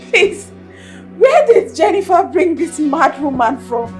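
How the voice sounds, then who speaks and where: A woman's voice: very high voice, exaggerated voice. A woman playing a young onlooker who giggles and mocks someone. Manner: giggling, mocking.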